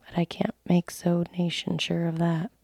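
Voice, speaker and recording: A woman voicing a gruff, suspicious male coach guard who speaks in rustic dialect, in a whispered role-play. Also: lowish voice, little pitch movement, normal speed, dark tone, no room sound.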